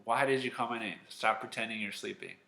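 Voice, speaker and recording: A man's voice: lowish voice, fairly quick, vocal fry, sharp tone. A man voicing a puzzled young boy. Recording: echoey room.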